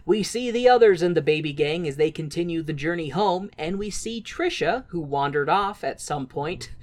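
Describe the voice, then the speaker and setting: A woman's voice: sits low, normal speed. A woman casually recapping a film on a podcast, swearing freely and acting out the characters. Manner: animated, swears a lot, acts out characters in silly voices.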